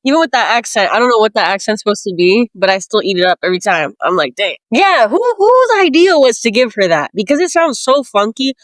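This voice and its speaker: A young adult co-host on a podcast, trading playful teasing jabs and firing off quick questions in casual chat. The voice is at a middle pitch. The recording is dry, with no echo. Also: big pitch swings, a bit bright.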